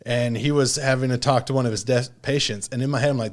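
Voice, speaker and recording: A man hosting a casual conversation, talking fast and rambling with fillers like "like" and "um.". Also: mid-range voice, fairly even intonation. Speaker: podcast host.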